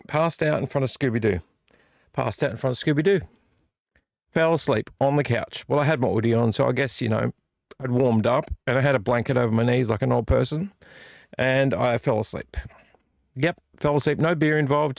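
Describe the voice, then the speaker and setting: A man's voice: medium pitch, creaky, darkish tone, no room sound. A man hosting a late-night live vlog from his small home studio, rambling, repeating himself and apologizing. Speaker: vlog host.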